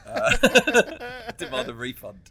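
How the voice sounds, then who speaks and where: A man's voice: very high voice, sing-song, slow pace, vocal fry, a crowd in the background. A man co-hosting a comedy podcast, ranting in casual banter and laughing often between his points. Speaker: podcast co-host.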